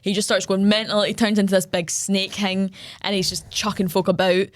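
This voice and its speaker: A woman's voice: medium pitch, flat delivery, brisk. A woman co-hosting a podcast, chatting casually about a film in a rambling way with lots of fillers. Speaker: podcast co-host.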